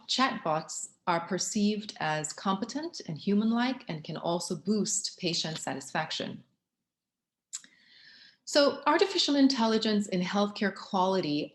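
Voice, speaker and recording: A woman with a fairly low voice gives a conference talk. She is measured and often pauses on ums or restarts a phrase. The sound is roomy and echoey. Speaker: conference speaker.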